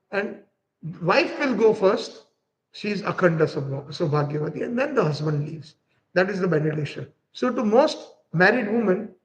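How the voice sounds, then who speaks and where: A man's voice: high voice, rough recording. A middle-aged male preacher, giving a devotional lecture and telling a story, explaining terms and acting out characters.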